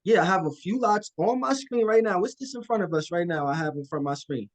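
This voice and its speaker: A man's voice: high-pitched, animated, quick pace, low-quality recording. A man coaching listeners on a live call in a casual, confident way, acting out phone calls. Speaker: guest land investor.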